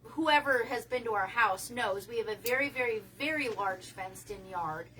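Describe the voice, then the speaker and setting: A woman's voice: on the high side, animated, normal speed, recorded from a distance, noisy background. A woman casually telling a long story on a livestream, rambling and restarting her sentences, swearing now and then.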